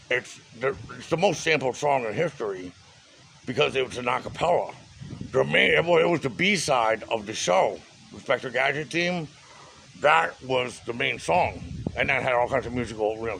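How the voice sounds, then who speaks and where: A man's voice: mid-range voice, expressive, normal speed, vocal fry, fairly bright tone, a little hiss or hum, low-quality recording. A man telling a personal story in a loose, casual way, with slang, swearing and lots of fillers. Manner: loose and profane, with street slang and many fillers.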